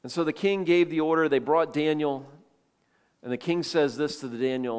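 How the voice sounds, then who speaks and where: A man's voice: on the high side, moderate pace, a little mellow, smooth. Man preaching a sermon in a reverberant hall. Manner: storytelling, acting out quoted voices. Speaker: pastor.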